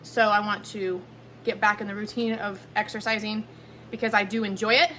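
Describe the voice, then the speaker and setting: A woman's voice: mid-range voice, steady tone, moderate pace, bright, forceful tone, a little hiss or hum. A woman, chatting casually while cooking dinner in her home kitchen and filming on a handheld phone. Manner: chatty, rambling, self-correcting. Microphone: handheld phone camera.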